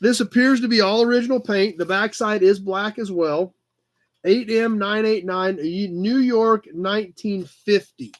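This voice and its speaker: A man's voice: high voice, measured pace. A man hosting a casual livestream auction, chatty and upbeat as he calls out bids. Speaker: live auction host.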